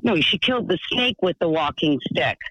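A man voicing a rambling, excitable woman calling in to a radio show. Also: on the high side, a little fast, breathy edge, no echo, heavily acted, low-quality recording. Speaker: caller.

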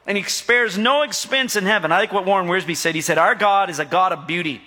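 Bright-voiced middle-aged male pastor preaching. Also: high-pitched, a little fast. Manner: folksy, joking, calls out to the congregation for agreement. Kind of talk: sermon. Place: church sanctuary. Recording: long reverb of a large hall.

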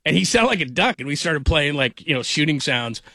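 A man's voice: on the high side, big pitch swings, fairly quick, gravelly, sharp tone, no room sound, clean studio sound. Rambling male sports radio host. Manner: rambling, self-deprecating, laughs often. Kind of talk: casual sports radio talk.

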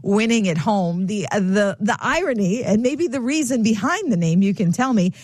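A woman's voice: medium pitch, lively intonation, normal speed, darkish tone, no room sound. Conversational woman radio host, dry sound. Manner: conversational, searching questions. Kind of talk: radio interview.

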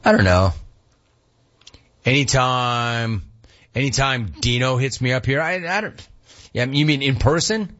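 A middle-aged man hosting a sports radio show, answering listener questions in a casual, animated way and acting out dialogue. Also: medium pitch, a little slow, long pauses, highs cut off. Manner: animated storyteller, acts out dialogue.

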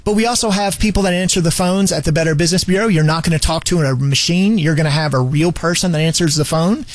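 A man's voice: a little high, quick pace, no room sound. A man speaking as a guest on a radio show, explaining in a chatty way with many restarts. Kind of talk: radio interview.

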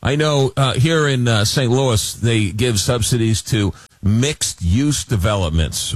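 A man hosting a radio interview, asking questions in a lively, animated way. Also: medium pitch, a little slow, few pauses, no room sound. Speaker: radio host.

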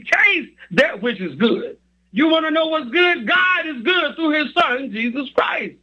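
A man's voice: very high voice, sing-song, a little slow, sharp tone, lo-fi sound. A man preaching a sermon, reading scripture and repeating his points with emphasis.

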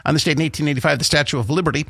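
A man's voice: fairly high pitch, racing, gravelly, fairly bright tone, no room sound. A man hosting a morning radio show in casual banter, rambling and jokey with lots of fillers, in a studio.

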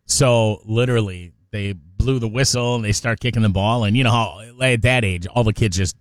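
A man's voice: lowish voice, normal speed, dry recording, studio quality. A man hosting a morning radio show, joking with his co-host and reading station promos. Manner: lively, jokey, reads station promos. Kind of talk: casual radio chat.

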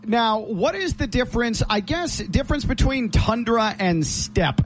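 Easygoing broadcaster guy chatting on a podcast, pretty high voice. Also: lively intonation, unhurried, background noise. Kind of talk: casual chat.

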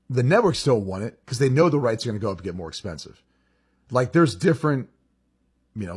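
A man's voice: on the low side, darkish tone, slightly rough. A man co-hosting a sports talk show, thinking aloud and often repeating words as he explains. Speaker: sports radio co-host.

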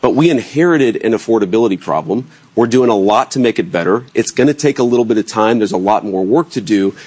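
A man being interviewed as a politician, answering in a measured, steady way and defending his position point by point. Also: fairly low pitch, slightly rough. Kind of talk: calm explanatory answers.

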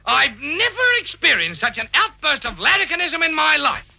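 An actor playing a flustered, stammering schoolteacher in a vintage radio comedy. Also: male voice, very high voice, big pitch swings, moderate pace, vocal fry, pushed and bright, exaggerated voice. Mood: exasperated. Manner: stammering, sputtering repeats.

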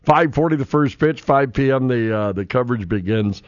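A man's voice: medium pitch, expressive, moderate pace, dry recording. Chatty man talking sports on radio. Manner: chatty, laughs often, rambling restarts. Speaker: sports reporter. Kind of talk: casual radio sports chat. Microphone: studio microphone. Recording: slightly dull, dry radio studio sound.

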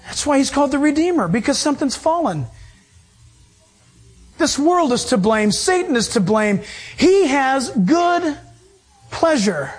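A man preaching a sermon as pastor, emphatic and animated with quick bursts. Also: extremely high pitch.

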